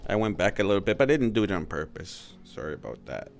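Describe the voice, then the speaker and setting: A man's voice: sits low, very animated, fast, gravelly, a little hiss or hum. A man streaming live, reacting to a clip with profane, mocking commentary and frequent laughter. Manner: mocking and crude, laughs often.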